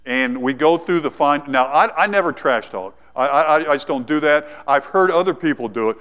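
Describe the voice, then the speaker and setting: A man preaching a sermon, telling the story dramatically and swinging from lively to hushed. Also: on the high side, moderate pace, hardly any pauses. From United States.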